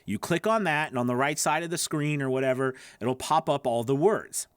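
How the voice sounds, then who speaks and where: A man's voice: mid-range voice, brisk, smooth, no echo, studio quality. A man coaching voice actors in a casual, conversational teaching talk with plenty of asides. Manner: conversational, lots of fillers and asides. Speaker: voice acting coach.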